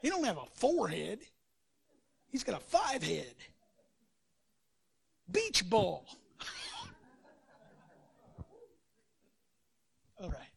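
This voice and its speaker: A man's voice: high-pitched, wildly swooping pitch, very slow, vocal fry, pauses often, breathy edge. A male pastor preaching a sermon, telling the story with energy and acting out quotes and sound effects.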